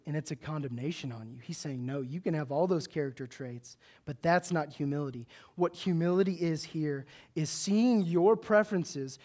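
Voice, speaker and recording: A young adult man preaching a sermon with a loud, big voice, telling stories with animated, self-mocking humor. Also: high-pitched.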